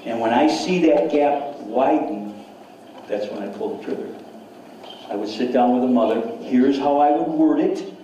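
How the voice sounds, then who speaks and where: A man's voice: mid-range voice, moderate pace, mellow, highs cut off, a little hiss or hum. A man giving a seminar lecture to an audience, enthusiastic, often repeating words and putting questions to the listeners. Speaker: seminar speaker. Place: seminar hall. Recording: echoey hall, speaker far from mic.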